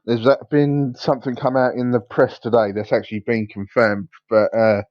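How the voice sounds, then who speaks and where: A man co-hosting a casual football podcast, talking in a relaxed, hesitant way with many pauses. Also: mid-range voice, no room sound. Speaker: podcast co-host. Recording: dull dry lo-fi sound.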